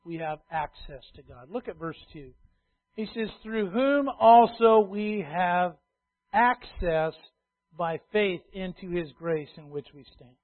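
A preacher with a high, ringing man's voice delivers a sermon, hammering home key phrases through repetition. He swings from loud declarations to quiet asides. The sound is thin and tinny, like it came over a phone line. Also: a little slow, no room sound. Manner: emphatic, repeats key phrases, swings between loud and hushed.

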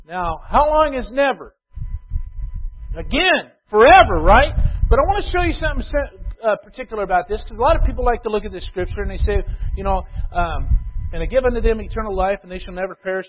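A man preaching a sermon to a congregation, reading scripture slowly and loudly, then explaining it in a casual way. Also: extremely high pitch, lively intonation. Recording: tinny phone-like sound.

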